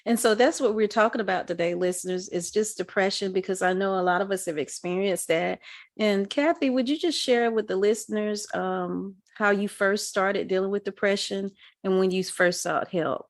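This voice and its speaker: A woman's voice: mid-range voice, moderate pace, no echo, studio quality. A woman hosting a faith podcast and interviewing a guest, encouraging and affirming. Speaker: podcast host and pastor.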